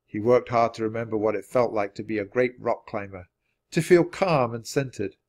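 A man reading a children's chapter book aloud at a steady, natural pace. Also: on the low side, normal speed. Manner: steady, clear read-aloud pacing. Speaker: storybook reader. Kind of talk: children's storybook narration.

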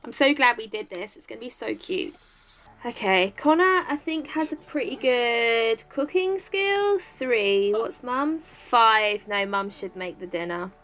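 An English woman chatting excitedly as she plays a life-sim game, cheering on and coaxing her characters. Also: on the high side, unhurried. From England. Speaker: gaming YouTuber. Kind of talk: casual let's-play commentary. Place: home, top-floor flat.

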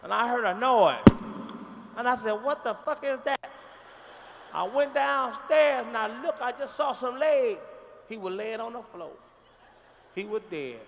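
A man doing a shrill gossipy auntie. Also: lively intonation, a little slow, creaky, pauses often, a bit bright, a little hiss or hum, heavily acted. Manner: repetitive, breathless storytelling. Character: gossipy middle-aged woman relative retelling a death. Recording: live stage show in a large hall.

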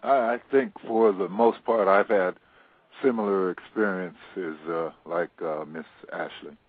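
Deep, husky male caller; hesitant, phone line. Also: steady tone, measured pace, dry recording. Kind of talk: call-in talk.

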